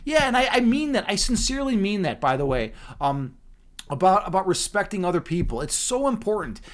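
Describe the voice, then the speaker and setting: A man's voice: high voice, very animated, fairly quick. A man from Chicago hosting a casual livestream chat, rambling and laid-back, repeating words and saying "dude" and "man" a lot. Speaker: livestream host.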